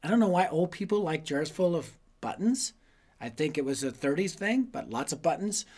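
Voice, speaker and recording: A man hosting a youth ministry teaching episode, telling stories with animated, dramatic delivery. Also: a little high, moderate pace. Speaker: youth ministry speaker and host. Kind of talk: evangelistic teaching talk with storytelling.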